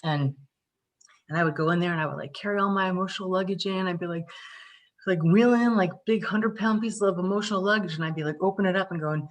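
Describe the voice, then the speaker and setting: Speaking quickly in a lowish voice, a Northeastern American woman teaches tapping in a live online workshop. She is talkative and animated, playing out little scenarios as she explains.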